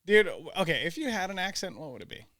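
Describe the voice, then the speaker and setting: A man hosting a podcast in casual, profane banter, teasing his co-host and quick to laugh. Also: sits high, big pitch swings, sharp tone, no echo, studio quality. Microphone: video call.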